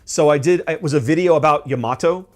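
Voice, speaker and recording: A man's voice: a little high, fast, darkish tone, faint music behind. A man chatting casually on a stream as he paints miniatures, rambling with many fillers and restarts.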